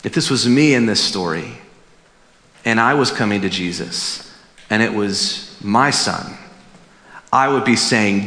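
Animated pastor preaching in an echoey hall. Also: male voice, fairly low pitch, unhurried. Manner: animated, emphatic preaching with acted-out quotes. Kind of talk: sermon. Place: church sanctuary.

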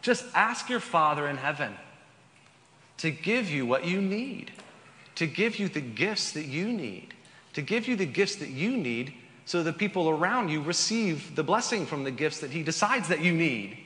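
A man's voice: a little high, big pitch swings, moderate pace, bright, forceful tone. Man, pastor, sermon, conversational, emphatic, church sanctuary, long reverb. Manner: conversational and emphatic, with asides to the congregation.

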